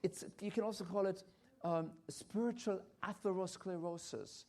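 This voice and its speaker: An older man delivers a health talk at a church conference, his voice sitting high with a darkish tone at a normal speed. He is emphatic and repetitive, often restarting hesitantly.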